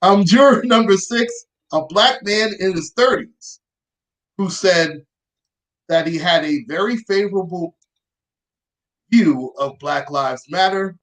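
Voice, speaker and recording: A woman's voice: lowish voice, takes it slowly, long pauses, low-quality recording. Sarcastic woman host reading the news. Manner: sarcastic, dry asides. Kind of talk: reading news aloud with commentary.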